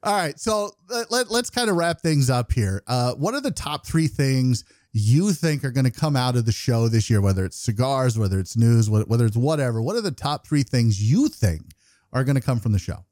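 Lively, animated man hosting a podcast. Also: medium pitch, moderate pace, dry recording, studio quality. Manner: animated, repeats words when starting sentences. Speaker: podcast host. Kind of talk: casual podcast chat.

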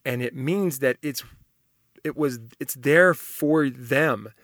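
A man's voice: mid-range voice, takes it slowly, fairly bright tone, dry recording, clean studio sound. A man talking casually and enthusiastically, reading out personality test results and reacting with frequent laughter. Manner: enthusiastic, rambling, laughs often.

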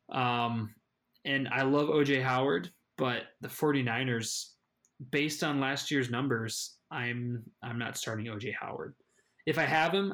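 A man's voice: medium pitch, fairly bright tone. A man co-hosting a fantasy football show, in casual sports chat, chatty and often restarting his phrases. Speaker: fantasy football podcast co-host.

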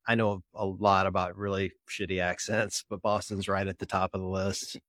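A man from the southern US hosting a casual podcast interview, joking and telling animated stories. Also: deep voice, moderate pace, no echo, studio quality. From Mississippi. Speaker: podcast host.

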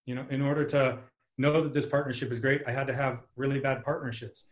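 A man's voice: mid-range voice, little pitch movement, quick pace. Earnest male guest on dull remote audio. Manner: earnest, reflective storyteller. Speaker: podcast guest, business operations expert. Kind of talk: podcast interview.

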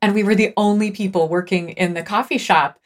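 A woman's voice: mid-range voice, fairly even intonation, fairly quick. A woman guesting on a talk show as an author, telling stories in a thoughtful, earnest way. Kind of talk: casual conversation.

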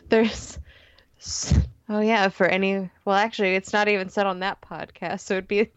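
A woman's voice: medium pitch, a little slow, smooth, dry recording. Laughing woman podcast guest, dull mic. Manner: laughing, ranting, animated storytelling. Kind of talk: casual podcast chat.

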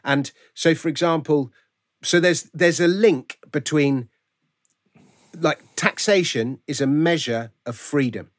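A guest author with a slightly high male voice speaks slowly but animatedly in a conversational interview held over a video call, often restarting his phrases.

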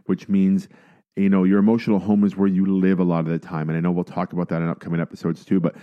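A man co-hosting a coaching podcast in casual, emphatic chat, at times mimicking complainers in a high voice. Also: level tone, fast talker, clean tone, muffled recording. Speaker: podcast co-host.

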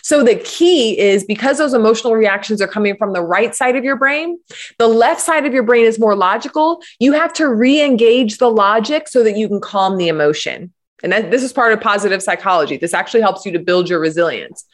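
A woman guest in a conversation, telling stories and explaining ideas with animated enthusiasm. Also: on the high side, brisk. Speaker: guest, parenting coach. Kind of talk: conversational interview.

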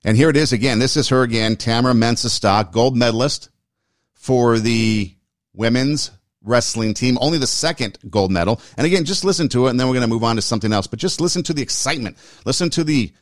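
A man's voice: medium pitch, brisk, dry recording, studio quality. A man hosting a talk show, giving casual spoken commentary that often repeats and rephrases itself. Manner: conversational, repeats and rephrases, emphatic. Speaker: host.

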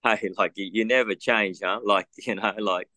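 A man's voice: on the low side, steady tone, normal speed, pushed and bright, no echo. A middle-aged Japanese man with an Australian accent, chatting loosely in an interview and filling gaps with lots of "you know". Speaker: motocross test rider. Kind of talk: casual interview chat.

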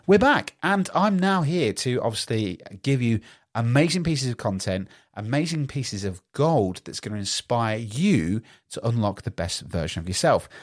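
A man's voice: fairly low pitch, dry recording. A man hosting a solo podcast, talking upbeat and rambling into a studio podcast microphone. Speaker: podcast host.

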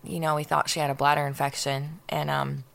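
Woman co-host, low-pitched with lots of vocal fry, animated storyteller who swears freely. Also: brisk. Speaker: podcast co-host. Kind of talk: casual chat.

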